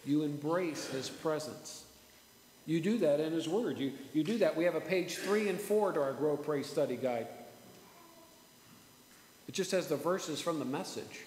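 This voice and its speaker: Earnest pastor in an echoey church. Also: male voice, a little high, darkish tone, slight background noise. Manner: earnest, repeats words, slows for emphasis. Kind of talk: sermon. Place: church sanctuary. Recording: echoey church hall with faint ambience.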